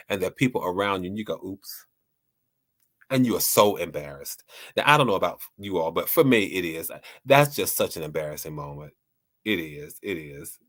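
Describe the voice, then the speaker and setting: A man hosting a talk show, speaking lightheartedly to his listeners and often restarting and repeating words as he rambles. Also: on the low side. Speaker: host.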